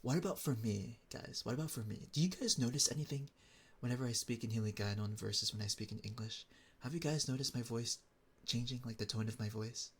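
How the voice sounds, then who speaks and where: A young man from the Philippines talks casually to his stream chat, musing aloud and circling back with plenty of fillers. His voice sits at a middling pitch. Clear background noise runs under the home stream recording. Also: brisk, fairly bright tone. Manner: chatty, thinks aloud with many fillers.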